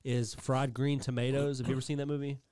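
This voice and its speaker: A man co-hosting a podcast, reading out film credits in a casual, halting way with many pauses and fillers. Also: medium pitch, level tone, darkish tone, smooth. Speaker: podcast co-host. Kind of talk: casual chat.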